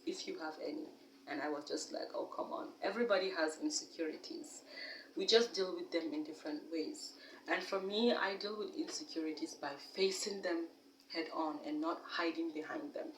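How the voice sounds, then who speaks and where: Young woman vlogger, fairly low voice, candid and animated, slightly distant mic in an echoey room. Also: slight background noise. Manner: candid, animated, laughs at herself. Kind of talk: casual talk to camera.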